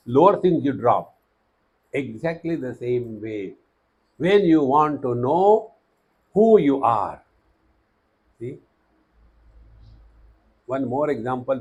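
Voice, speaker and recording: A man with an Indian English accent giving a spiritual discourse, teaching through humorous anecdotes with quick bursts and slow emphatic phrases. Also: medium pitch, darkish tone, slightly rough, highs cut off.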